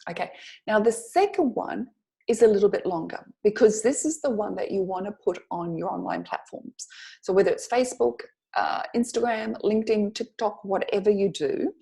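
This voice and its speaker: A middle-aged woman coaching business owners in a lesson to camera. Her voice is mellow and warm, at an everyday middle pitch. She encourages her listeners and keeps checking in with a quick "okay?" or "right?". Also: animated, vocal fry.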